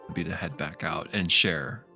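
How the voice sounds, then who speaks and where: A man playing a tabletop role-playing game, speaking haltingly with many fillers. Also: a bass voice, vocal fry, pushed and bright, soft background music. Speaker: player.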